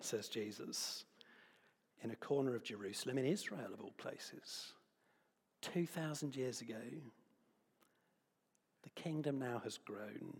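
A man preaching a lively sermon with playful asides and props in a church. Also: mid-range voice, breathy edge. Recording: long hall reverb.

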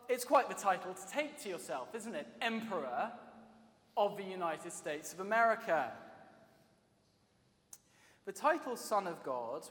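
Man, preacher, fairly high voice, emphatic sermon delivery, echoey hall, long reverb. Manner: emphatic, varied delivery with rising and dropping volume.

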